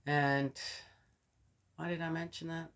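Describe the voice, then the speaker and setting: An older woman who vlogs about faith rambles chattily to her viewers, sharing a story and a blessing. Her voice is deep and flat, and she speaks slowly.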